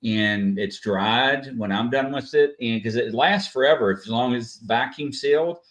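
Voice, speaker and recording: A man's voice: medium pitch, normal speed, a bit bright. A man hosting a casual live stream, chatty and full of "uh" fillers, greeting viewers by name. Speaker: host.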